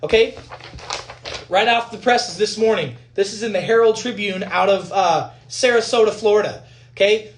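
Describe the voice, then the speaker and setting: A physician giving a heated, blunt and profane rant to viewers, repeating points for emphasis. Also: medium pitch.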